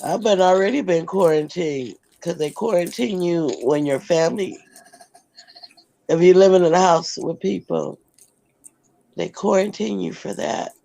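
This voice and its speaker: Hoarse, gravelly-voiced woman. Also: fairly low pitch, measured pace, warm tone. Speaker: guest on a live stream. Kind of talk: casual chat.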